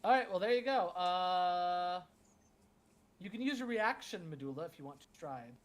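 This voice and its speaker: A game master running a tabletop game in an animated, playful way. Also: medium pitch, normal speed, slight background noise.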